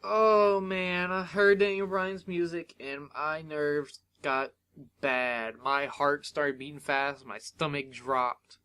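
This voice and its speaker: A young man hosts his own review podcast, his voice sitting a bit higher than most men's. He tells the story in an excitable, animated rush, sprinkling in fillers and restarts. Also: takes it slowly, smooth. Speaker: podcast host. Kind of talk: solo wrestling review podcast.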